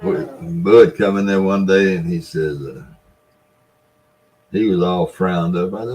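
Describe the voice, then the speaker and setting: A man's voice: low voice, measured pace, pauses often, darkish tone, low-quality recording. A man telling a folksy story in casual talk, laughing often as he spins his yarn. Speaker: storyteller, former store owner.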